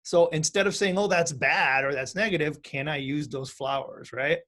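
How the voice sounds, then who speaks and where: A man's voice: fairly high pitch, normal speed, a bit bright. A man teaching music and mindfulness in a conversational online class, often asking "right?" to check in with students.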